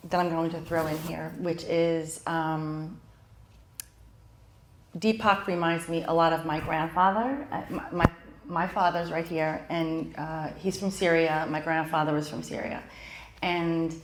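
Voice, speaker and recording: A middle-aged woman hosts a live event in an echoey room, her voice sitting somewhat low. She talks in a chatty, heartfelt manner that wanders through fillers and restarts. A faint hum of the venue lingers in the background. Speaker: host and club founder. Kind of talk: hosting a live in-person event. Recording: roomy echo of a live venue.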